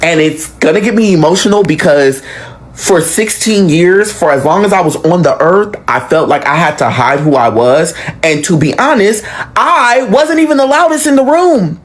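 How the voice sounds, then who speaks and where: A young man recounts his own story in a casual, animated way, cursing freely and swinging wildly up and down in pitch. He talks at a moderate pace.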